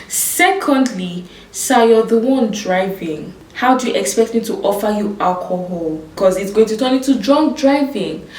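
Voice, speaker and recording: A woman's voice: mid-range voice, far from the mic. Young woman, storytime vlog, echoey room, a bit off mic, faint background hum. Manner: animated storytelling, acts out quoted voices. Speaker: vlogger.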